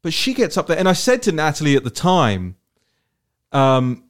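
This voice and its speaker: Male host, fairly high voice, rambling and animated in political conversation. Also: normal speed. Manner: animated, rambling, repeats words while thinking aloud. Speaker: podcast host. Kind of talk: political talk-show conversation.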